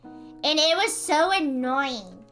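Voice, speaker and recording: A young woman streaming live, talking to her chat with a high, bright voice. She is animated and exasperated and often bursts out laughing. Faint music plays behind her. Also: slow pace.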